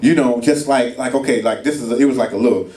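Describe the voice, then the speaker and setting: At a marriage retreat in a church retreat hall, a man preaches fast in a medium-pitched, mellow voice. He tells stories colloquially and casually, doing voices, and the far-off mic picks up plenty of room echo.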